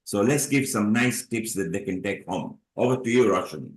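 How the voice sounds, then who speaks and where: A man's voice: fairly low pitch, moderate pace, roomy sound, low-quality recording. A man hosting an online panel, speaking in an effusive, praising manner. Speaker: host. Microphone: video call.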